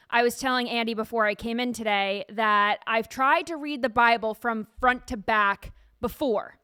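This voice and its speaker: Bright, smooth-voiced woman host. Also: a little high, no echo, clean studio sound. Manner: animated storytelling with frequent laughs. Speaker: podcast host. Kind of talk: casual chat. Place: studio.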